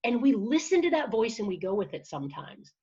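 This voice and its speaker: A woman coach speaks in an upbeat, encouraging flow, often restarting her sentences as she explains. Her voice is a little husky. The sound is dull and lo-fi, like audio from a video call. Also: a little high, brisk. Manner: energetic, encouraging, with frequent restarts. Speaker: confidence and public speaking coach. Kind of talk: conversational interview answer.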